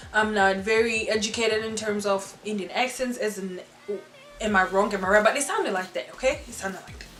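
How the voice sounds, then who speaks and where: A young adult woman telling a storytime vlog in an animated, chatty way, full of "like" and "you know". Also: mid-range voice. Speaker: vlogger. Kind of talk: casual storytime chat. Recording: roomy room with faint music.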